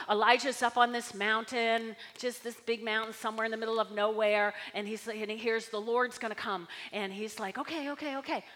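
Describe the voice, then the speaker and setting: A woman pastor preaching a sermon, animated and full of call-and-response, often checking in with "okay?". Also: fairly high pitch, big-room sound. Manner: animated, repeating key words, frequent "okay?".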